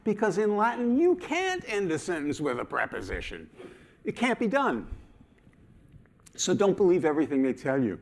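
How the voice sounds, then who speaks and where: A man delivers a talk from a conference stage. His voice sits a little high and leaps around expressively, and he acts out his examples with playful emphasis. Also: normal speed. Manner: animated and playful, acting out examples. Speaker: conference speaker.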